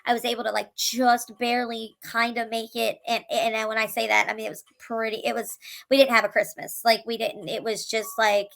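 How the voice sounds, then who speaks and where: A woman's voice: on the high side, little pitch movement, fairly quick, creaky, fairly bright tone, poor audio. A woman, a single mother, earnestly telling her own life story to camera, emotional, with tumbling restarts and repeated words. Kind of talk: candid personal storytelling to camera.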